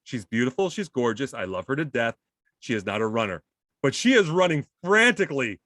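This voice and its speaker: A man's voice: medium pitch, a little fast, no room sound, clean studio sound. A man telling a funny story in a casual chat, acting out voices with self-deprecating humor. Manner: animated, acts out voices in his story.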